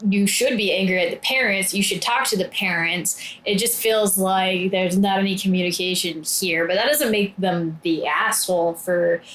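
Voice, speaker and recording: A woman's voice: medium pitch, normal speed, few pauses, reverberant. A woman guest on a casual podcast, telling stories with lots of laughter and acted-out quotes. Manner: animated storyteller, acts out quotes, laughs often. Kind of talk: casual chat.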